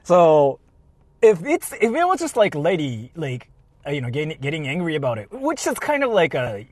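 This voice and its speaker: A man telling a story in a casual vlog, animated and full of filler words. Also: a little high, normal speed, low-quality recording. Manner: animated, heavy use of filler "like", laughs often. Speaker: vlogger. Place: inside a car.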